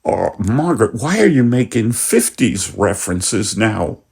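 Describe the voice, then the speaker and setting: A man voicing Al, a weary, pedantic husband, in a low, gruff, exasperated voice. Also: very animated, measured pace, a little mellow, exaggerated voice.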